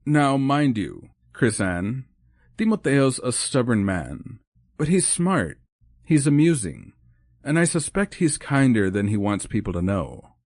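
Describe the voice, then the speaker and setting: A man's voice: medium pitch, big pitch swings, measured pace, darkish tone, no echo, clean studio sound, voice pushed up. A man voicing a lonely, proper older woman in an audiobook, formal and hesitant in speech. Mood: wistful, formal. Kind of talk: audiobook character voice.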